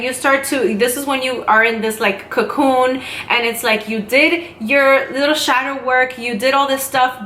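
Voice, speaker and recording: A woman talks casually to her camera, rambling and breaking into quick asides. Her voice sits a little high and rings bright and forceful. The sound is roomy and echoey, picked up by the camera's own mic. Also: slight background noise. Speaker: vlogger. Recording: echoey room.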